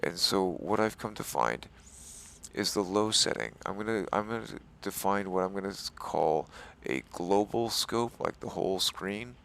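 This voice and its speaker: A man with a very low, gravelly voice hosts a game settings tutorial. He sounds exasperated and rambling, repeating that he's staying chill and calling the viewer "dude.". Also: animated, normal speed, a bit bright. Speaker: gaming tutorial host. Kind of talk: screen-recorded game settings walkthrough.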